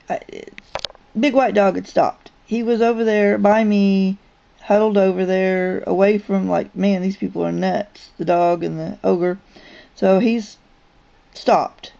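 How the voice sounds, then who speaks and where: Woman vlogger, dark mellow tone, casual and rambling storyteller, full of ums and restarts. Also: medium pitch, gravelly. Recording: dull lo-fi recording.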